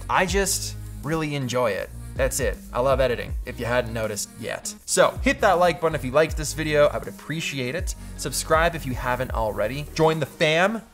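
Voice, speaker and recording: A man's voice: mid-range voice, fairly bright tone. A Canadian man in his thirties, casually talking through photo edits in an upbeat, joking vlog style. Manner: upbeat, joking, goes off on tangents. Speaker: photo-editing YouTuber.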